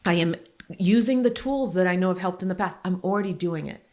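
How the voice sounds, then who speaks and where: A woman in her forties hosting a podcast, talking candidly and earnestly, with quick laughs between heartfelt points. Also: on the low side, a little mellow. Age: 40s. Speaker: podcast host.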